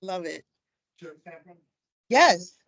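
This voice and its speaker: A woman's voice: lowish voice, very animated, drawn-out words, fairly bright tone, dry recording, lo-fi sound. A woman chairing a commission meeting, calling roll in an informal, upbeat way with plenty of fillers. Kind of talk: running a meeting roll call.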